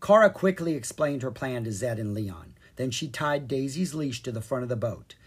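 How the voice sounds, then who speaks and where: An expressive storybook narrator reads with a lively, sing-song lilt that rises and falls across each sentence. The voice has a slightly husky grain throughout. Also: medium pitch, normal speed. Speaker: audiobook narrator.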